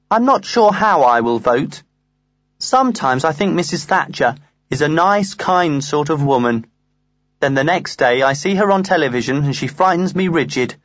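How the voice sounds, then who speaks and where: A man reading a comic diary aloud in the first person, earnest and lively. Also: fairly high pitch, dry recording. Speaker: audiobook reader.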